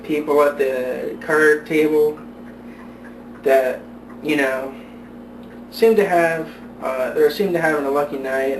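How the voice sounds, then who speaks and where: A man vlogging, telling a joke in a halting, rambling way full of fillers and restarts, on a distant camera mic at home. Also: mid-range voice. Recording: roomy echo, far from mic, faint hiss.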